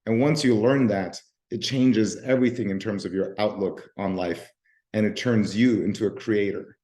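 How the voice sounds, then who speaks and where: Middle-aged male speaker, scratchy hoarse voice, low pitch, relaxed presenter on a video call. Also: normal speed. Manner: relaxed, talks with fillers and restarts. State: hoarse from voice overuse. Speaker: guest speaker, nonprofit founder. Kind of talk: live-stream presentation.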